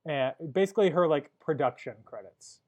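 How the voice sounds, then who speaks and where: A young man co-hosting a podcast, recapping a movie plot in casual chat with dry, deadpan jokes. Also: a little high, normal speed, muffled recording. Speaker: podcast co-host.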